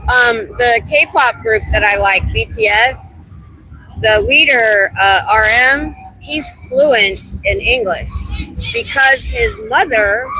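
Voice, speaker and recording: A woman's voice: a little high, sharp tone, a little hiss or hum, poor audio. A woman streaming live on a city street outdoors, chatting and rambling while talking to passersby through a phone camera. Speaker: street activist livestreamer. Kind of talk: casual chat on a livestream.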